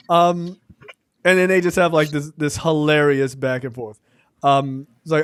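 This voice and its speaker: A man co-hosting a casual film review podcast, talking loosely with many fillers and acting out scenes in quick quoted voices. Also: a little high, a bit bright, dry recording, studio quality. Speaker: podcast co-host.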